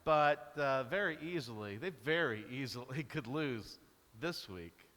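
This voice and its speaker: A man's voice: medium pitch, unhurried. A man preaching a sermon as pastor, telling stories and acting out the cheers and groans of a sports fan. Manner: animated storytelling, acts out cheering and groaning. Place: large church hall. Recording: hall reverb from a church.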